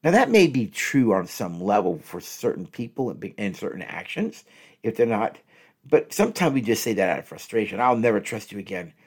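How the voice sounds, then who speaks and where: A man working as a relationship counselor, giving advice and acting out example phrases, repeating each one twice in an animated way. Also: on the low side, moderate pace, breathy edge. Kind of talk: advice talk with spoken examples.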